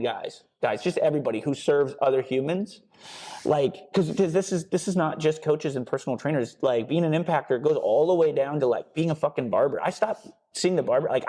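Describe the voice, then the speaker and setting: A man's voice: on the high side, dark tone. A man hosting a fitness podcast, talking bluntly and casually with lots of swearing and emphatic repetition. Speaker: podcast host and personal trainer. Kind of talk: casual motivational podcast talk.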